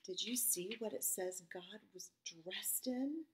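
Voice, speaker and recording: A woman leading a children's Bible devotion, reading and explaining expressively, dropping to soft whispers for emphasis. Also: mid-range voice, slow, noisy background.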